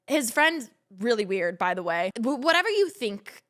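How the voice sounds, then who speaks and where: A woman's voice: fairly high pitch, moderate pace. A young woman from Los Angeles, co-hosting a podcast and telling a story in casual chat, full of "like" fillers and acted-out quotes. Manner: lively, many "like" fillers, acts out quotes. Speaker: podcast co-host.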